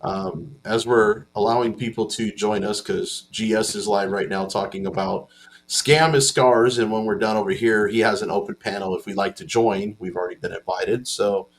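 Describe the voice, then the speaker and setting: Male stream host, lower voice, informal and chatty. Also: steady tone, moderate pace. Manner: chatty, informal, loose filler-heavy introductions. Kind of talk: casual live-stream hosting.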